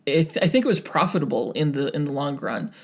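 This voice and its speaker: A man's voice: a little high, expressive, a little fast. A young man co-hosting a podcast, talking casually with many fillers and restarts. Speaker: podcast co-host.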